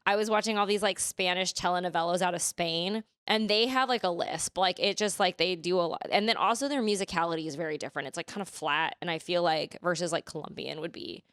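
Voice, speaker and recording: A woman's voice: lowish voice, fast, hardly any pauses, a bit bright, clear, resonant tone, no echo, clean studio sound. A woman from California, a podcast guest, chatting casually and rambling with many "like" fillers and restarts.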